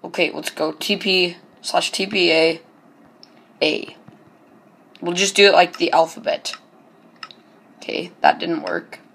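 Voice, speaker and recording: Slow, hesitant male game commentator. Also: high-pitched, fairly even intonation, gravelly, fairly bright tone, slightly rough. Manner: hesitant, many ums and restarts; chatty and joking. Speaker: gameplay channel host. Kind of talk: casual gameplay commentary.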